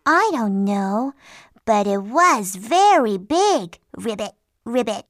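A woman's voice: on the high side, very animated, takes it slowly, heavy background noise. A woman voicing a small, timid young male frog in a children's storybook, whiny and pleading. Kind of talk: storybook acting.

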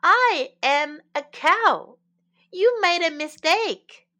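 A woman voicing a patient but exasperated female cow in a children's story, protesting loudly. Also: very high voice, expressive, extremely slow, pitched above the performer's own voice, full character voice. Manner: protesting, exclaiming.

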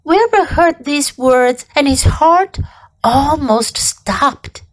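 A woman teacher reads a children's story aloud slowly and clearly for learners. Her high voice swings up and down with a lot of expression. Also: animated, low-quality recording. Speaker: English teacher reading aloud.

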